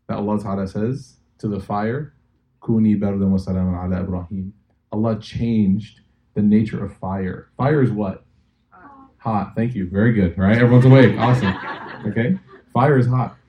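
A young man lecturing to a hall full of listeners, swinging from hushed asides to excited peaks as he acts out the people in his stories. His voice sits low and warm, mellow rather than bright. He keeps it conversational and funny even on serious points. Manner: animated storytelling, acting out quotes, jokey asides. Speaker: imam lecturer. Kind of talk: lively religious lecture to a live audience.

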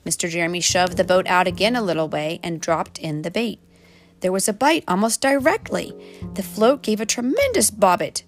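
A woman reading a children's storybook aloud, gently, turning now and then to talk to the children. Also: on the low side, normal speed, soft background music. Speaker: storybook reader.

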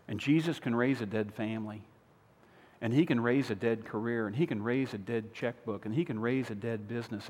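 A pastor preaching a sermon, retelling a story with humor, swinging between loud emphatic lines and quiet earnest appeals. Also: male voice, mid-range voice. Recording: long hall reverb.

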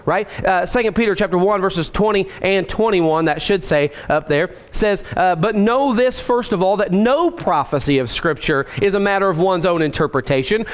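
High-voiced man preaching a sermon. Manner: conversational, emphatic, with frequent "right?" asides; repeats key phrases slowly for emphasis.

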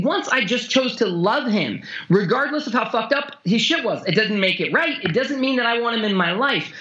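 Profane, intense man with dull sound. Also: sharp tone. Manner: blunt and profane, heavy swearing; intense storytelling with sudden pitch jumps. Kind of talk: coaching conversation.

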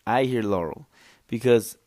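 A young host of a solo podcast jokes and rambles casually, full of fillers and restarts, on a podcast microphone. He speaks a little slowly in a mid-range voice with a dark tone.

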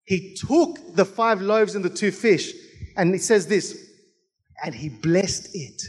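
A male pastor delivers a sermon in a fervent, rhythmic style, repeating key phrases and calling out to his congregation. His voice sits high for a man. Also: slow, slightly rough. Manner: fervent, rhythmic preaching with repeated calls to the church.

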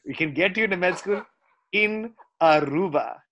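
A man's voice: sits high, normal speed, fairly bright tone, slight background noise. A man putting on a coaxing Indian-accented parent. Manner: coaxing, persuasive. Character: older Indian parent coaxing son toward med school.

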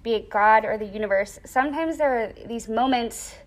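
A young woman in a casual interview, telling a personal story with lively acted-out quotes and lots of "like". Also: a little high, normal speed. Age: young adult. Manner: animated storyteller, acts out quoted voices; frequent "like" fillers.

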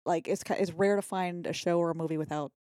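Low-voiced enthusiastic woman. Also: fairly even intonation, darkish tone, dry recording, clean studio sound. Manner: enthusiastic, trivia-sharing, swears and laughs; loose and halting, many fillers. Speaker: podcast co-host. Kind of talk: casual chat about a film.

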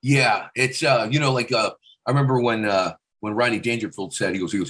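A male comedian chatting on a podcast, his words tumbling out at a fast clip. He keeps breaking into snatches of celebrity voices mid-sentence, the whole delivery loose and animated. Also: medium pitch. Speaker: comedian and impressionist. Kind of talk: casual chat. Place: podcast studio.

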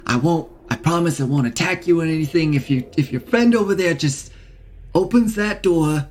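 A man's voice: a little high, moderate pace, darkish tone, lightly acted. A man voicing a brash, streetwise male imp with a Queens accent, rambling and full of fillers. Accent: New York Queens.

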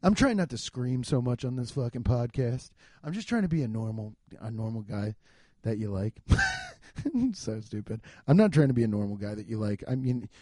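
A young man hosting a casual solo podcast, rambling and swearing, swinging from muttering to loud outbursts. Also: medium pitch, dry recording. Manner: loose, profane, rambling with frequent swearing; animated, jumps between muttering and loud outbursts. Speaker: podcast host. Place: home garage.

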